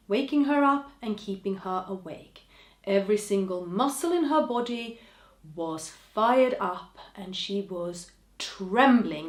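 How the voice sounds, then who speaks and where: Slow, gentle woman in a roomy space. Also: medium pitch. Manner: gentle, encouraging, speaks slowly with soft trailing endings. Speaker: podcast host. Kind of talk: reflective podcast monologue.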